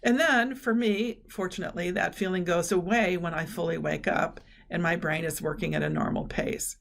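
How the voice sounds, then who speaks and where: A middle-aged woman presents a webinar in an earnest, explaining manner, pausing on fillers as she tells anecdotes. Her voice sits a little low and has a gravelly, fry-touched edge. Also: fairly even intonation, slight background noise. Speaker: presenter on cognitive training.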